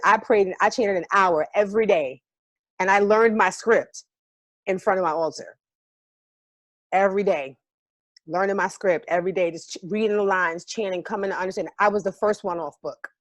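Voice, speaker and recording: A woman's voice: mid-range voice, no echo. A woman from New York, a stage actor as a guest, telling a story in a vivid, profane and emotionally open way. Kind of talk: casual storytelling.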